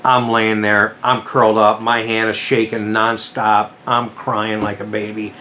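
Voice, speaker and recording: A middle-aged man hosting his vlog and casually retelling a personal story in an animated, dramatic way. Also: on the low side, unhurried, slight background noise. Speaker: vlog host.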